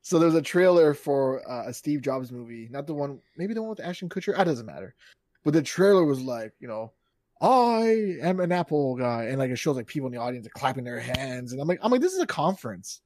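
Casting: 30s male podcast co-host, animated, jumps up high for acted-out quotes, dry close mic. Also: fast, no echo. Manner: animated storyteller, acts out quotes, laughs often. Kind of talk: casual chat.

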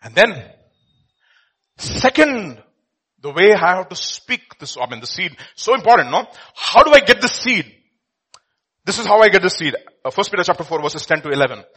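A man's voice: high voice, sing-song, moderate pace, bright, forceful tone, slightly rough. A man preaching a sermon. He speaks emphatically and keeps asking the congregation questions. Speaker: pastor.

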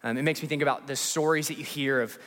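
A man preaching a sermon as a pastor in a church, swinging from hushed pleading to rising, repeated refrains. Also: fairly high pitch, steady tone, quick pace. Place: church sanctuary. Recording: long hall reverb with faint music.

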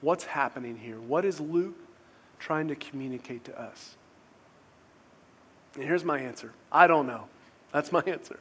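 A man's voice: fairly high pitch, a little slow, long pauses, breathy edge. A male pastor preaching a sermon in a casual, conversational way, often restarting phrases and asking rhetorical questions.

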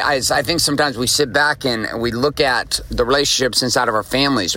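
A man's voice: mid-range voice, background noise. A man hosting a daily motivational podcast, speaking emphatically and repeating key phrases for effect. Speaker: podcast host. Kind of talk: motivational monologue.

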